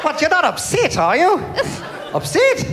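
A man's voice: very high voice, wildly swooping pitch, measured pace, pitched above the performer's own voice, exaggerated voice. A man doing chirpy New Zealand blokes. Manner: exaggerated accent parody, relentlessly chirpy. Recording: stand-up recording with a noisy crowd.

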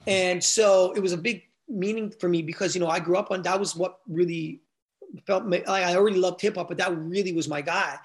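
Promoter type, middle-aged man, fast and high-voiced, animated storyteller. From Canada. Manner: animated, swears freely, retells quotes with feeling. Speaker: guest, event promoter. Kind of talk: casual storytelling.

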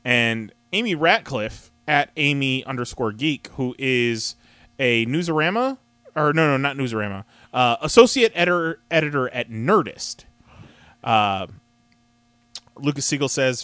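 A man's voice: mid-range voice, animated, measured pace, bright, forceful tone, no echo. A man hosting a casual comics podcast, rambling with fillers and restarts. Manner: rambling, with many fillers and restarts, laughing often. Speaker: podcast host.

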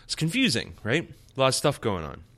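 A man hosting a podcast, reviewing a comic in a playful, excitable casual way. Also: mid-range voice, brisk. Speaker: podcast host.

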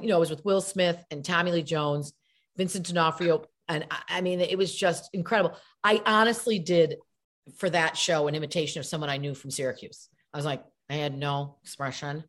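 A middle-aged actress being interviewed, chatting and telling animated stories with acted-out voices. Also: female voice, sits low. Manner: animated storyteller, acts out voices. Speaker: guest actress. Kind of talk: casual interview chat.

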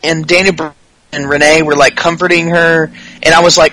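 A man's voice: on the high side, level tone, fairly quick, sharp tone, rough recording. A man hosting a podcast, recapping wrestling in a crude, jokey way and mocking wrestlers with put-on voices. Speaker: podcast host.

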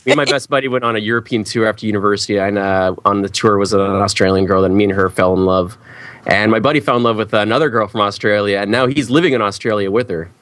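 Low, wry male podcast co-host. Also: fast, fairly bright tone, dry recording. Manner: wry, teasing. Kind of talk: casual chat.

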